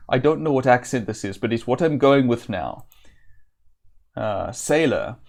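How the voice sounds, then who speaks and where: A man with a gravelly, creaky voice talks through a live-streamed playthrough of an old role-playing game. He muses aloud, hesitates with fillers and reads game text at a mid pitch. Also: big pitch swings, moderate pace, a little mellow. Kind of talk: live-stream gameplay commentary.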